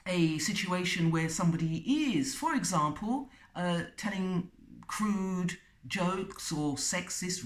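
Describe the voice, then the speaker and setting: A woman presenting self-help advice to camera in an emphatic way, repeating key phrases and pausing with fillers. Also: medium pitch. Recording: roomy sound from a distance.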